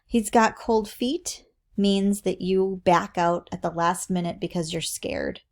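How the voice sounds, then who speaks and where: A woman's voice: on the low side, takes it slowly, vocal fry, darkish tone. A middle-aged woman teacher giving a recorded lesson, explaining patiently and often checking in with "right?".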